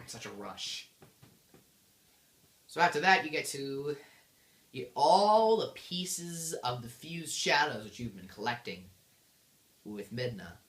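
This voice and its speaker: A low-pitched woman retells a game in a bubbly, gushing way, her voice swooping up and down all the time. She speaks in an echoey room. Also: animated, measured pace, a little hiss or hum. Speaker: game reviewer. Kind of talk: casual game recap.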